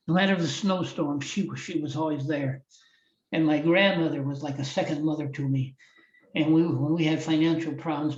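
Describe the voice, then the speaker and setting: An older man from Iowa, a former wrestling champion, telling a heartfelt story in a podcast interview, with frequent restarts. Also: a little high. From Iowa, USA. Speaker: guest, former wrestling champion and motivational speaker. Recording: roomy, distant, slightly dull audio.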